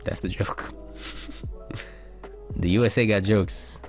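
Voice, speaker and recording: A man with a somewhat low voice co-hosts a casual radio show, laid-back as he reads listener texts and jokes aloud. Faint music plays underneath. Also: fairly even intonation, takes it slowly, darkish tone.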